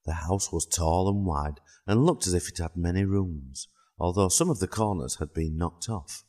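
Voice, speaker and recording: Low-voiced guy calmly reading a kids storybook. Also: normal speed. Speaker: narrator. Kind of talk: storybook narration.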